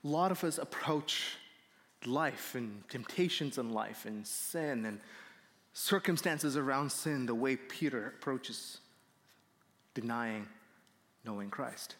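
A man's voice: medium pitch, slow, a bit bright. A male pastor delivering a sermon, earnest and building up to emphatic points, recorded in a church. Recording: long reverb of a hall.

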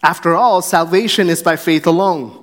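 High-voiced man preaching in a reverberant hall. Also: normal speed, a bit bright. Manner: earnest preaching with acted quotes and restarts. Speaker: pastor. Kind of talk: sermon. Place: church sanctuary.

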